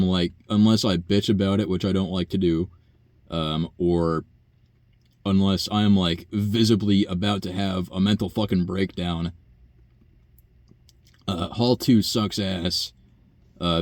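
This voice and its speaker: Deep-voiced man in a profane rambling rant. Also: darkish tone, no room sound. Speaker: nursing home worker. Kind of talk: casual rant monologue.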